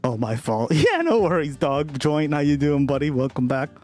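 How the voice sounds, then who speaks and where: A man's voice: a little high, very animated, moderate pace, a little mellow, faint music behind. A man hosting a casual livestream, rambling and swearing freely as he comments, often breaking into laughter. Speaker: livestream host.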